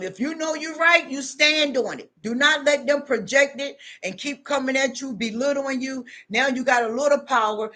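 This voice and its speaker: A woman's voice: high-pitched, fairly bright tone. Middle-aged woman vlogger, preachy and emphatic, repeats every point. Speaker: advice vlogger. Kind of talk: casual advice monologue.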